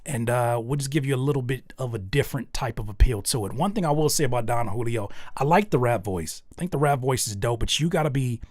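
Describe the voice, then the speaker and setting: A man hosting a casual livestream reviews listeners' songs, giving candid, rambling feedback with many restarts and getting loud and animated when he's in disbelief. His medium-pitched voice moves at a quick pace with hardly any pauses, recorded in studio quality with no echo.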